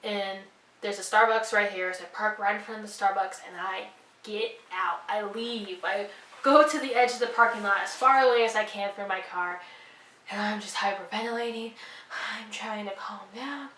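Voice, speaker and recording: A woman's voice: medium pitch, normal speed, pushed and bright, roomy sound, distant mic, slight background noise, poor audio. A young woman vlogger telling a personal story, earnest and apologetic, rambling with lots of fillers. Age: young adult.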